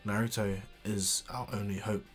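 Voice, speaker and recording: A man voicing a calm, weary adult ninja teacher who speaks low and measured. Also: breathy edge, soft background music. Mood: grave.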